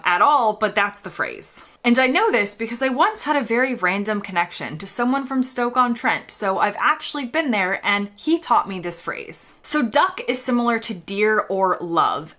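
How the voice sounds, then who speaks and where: Lively bright-voiced American woman. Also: mid-range voice. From United States. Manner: chatty, upbeat, explanatory. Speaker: YouTube host. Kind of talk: casual explainer to camera.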